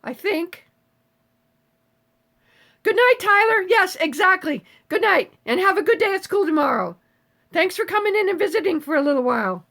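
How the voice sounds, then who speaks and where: A woman's voice: extremely high pitch, sing-song, moderate pace, long pauses, a bit bright. A woman in her seventies chatting casually on a live stream, reading viewer comments aloud and answering them with frequent swearing. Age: 70s.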